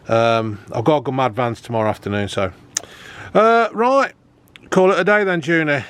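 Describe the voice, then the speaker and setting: A man's voice: medium pitch, normal speed, a bit bright, clear, resonant tone. A man chatting casually to camera about his camper van build, joking and filling gaps with ums and uhs. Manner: chatty, joking, lots of fillers.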